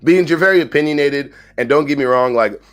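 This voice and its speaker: A man co-hosting a casual livestream chat, jokey and profane, talking in quick bursts. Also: fairly high pitch. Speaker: co-host.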